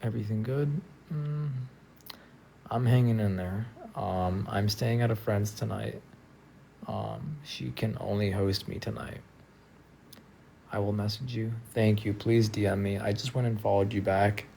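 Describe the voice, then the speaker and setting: A tired man talking casually on a live stream from a friend's house, soft-spoken and trailing off with lots of fillers. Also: lowish voice, steady tone, unhurried, creaky, a little hiss or hum. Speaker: livestreamer.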